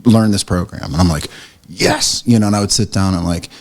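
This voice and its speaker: Man, middle-aged, from the US, podcast guest, low voice, lively anecdotes. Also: a little fast. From United States. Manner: animated storyteller, acts out quotes with swearing. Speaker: podcast guest, print shop owner. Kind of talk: casual conversation.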